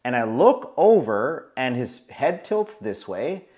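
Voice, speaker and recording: A man in his forties telling a story to camera in a casual, animated way, acting out the voices of the people in it. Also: mid-range voice, takes it slowly. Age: 40s. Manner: animated, acts out quoted voices. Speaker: coach.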